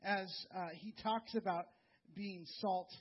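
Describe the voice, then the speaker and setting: A man preaching a sermon in a conversational, earnest way, repeating words and dropping soft and low for emphasis. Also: fairly even intonation, slow pace, husky, highs cut off. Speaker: pastor.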